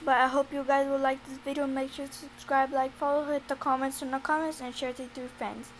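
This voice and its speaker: A woman's voice: sits high, flat delivery, fairly quick, slight background noise. A young female creator chatting with her viewers hesitantly and with lots of ums, while a fan runs behind her. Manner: rambling, hesitant. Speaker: video creator. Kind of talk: casual chat to viewers.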